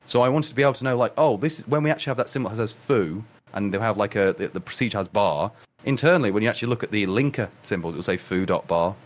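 Fast-talking low-voiced Englishman. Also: animated. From England. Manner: fast, rambling, with many restarts and fillers. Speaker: guest programmer. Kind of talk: casual technical chat.

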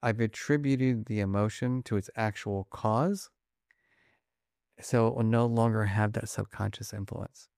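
Gravelly, fast-talking man being interviewed. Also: on the low side, no room sound, studio quality. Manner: animated, fast-talking, acts out examples. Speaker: guest, emotion researcher. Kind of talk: conversational interview.

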